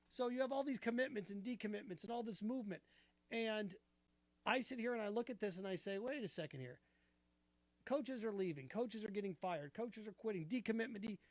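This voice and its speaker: Sports talk host, male, high-pitched, punchy and argumentative, close dry mic. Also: creaky, no room sound. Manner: animated, argumentative, rhetorical questions. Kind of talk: opinionated sports commentary.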